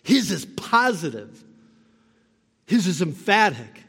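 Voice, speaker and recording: A man's voice: sits high, big pitch swings, slow, fairly bright tone, slightly rough. Pastor guy preaching, emphatic, lots of questions to the crowd, long echoey hall. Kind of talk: sermon.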